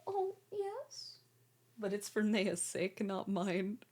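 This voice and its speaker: A woman's voice: medium pitch, very animated, slow pace, darkish tone. A young woman streamer chatting casually with her viewers and cooing baby-talk at her cat.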